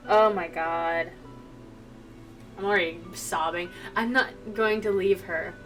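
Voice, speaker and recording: A woman's voice: fairly low pitch, fairly even intonation, slow pace, fairly bright tone. A woman streamer reading a visual novel aloud, breaking off into emotional, chatty asides to her viewers, from a distant mic with faint music behind.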